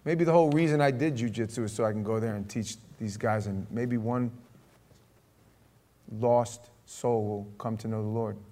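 A middle-aged man preaching a sermon, telling a story with lively acted-out dialogue. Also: fairly low pitch, normal speed. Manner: storytelling, animated, acts out dialogue. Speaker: pastor.

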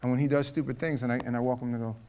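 A middle-aged man leading a casual parenting talk to a group, telling stories in a lively, animated way. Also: medium pitch, very fast, a little hiss or hum.

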